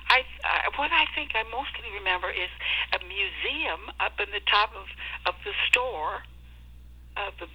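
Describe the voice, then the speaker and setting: Older lady on the phone, husky, chatty and fond, sounds kinda muffled. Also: mid-range voice, expressive, normal speed. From Minnesota. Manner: chatty, reminiscing, affectionate. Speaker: guest. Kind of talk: phone interview. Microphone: telephone. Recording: lo-fi phone line.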